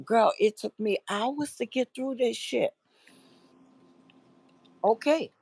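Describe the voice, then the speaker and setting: A woman's voice: fairly high pitch, takes it slowly, creaky, a little mellow, slightly rough, rough recording. A woman guest on a livestream, telling stories in a gossipy way with frequent laughter. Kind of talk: casual chat.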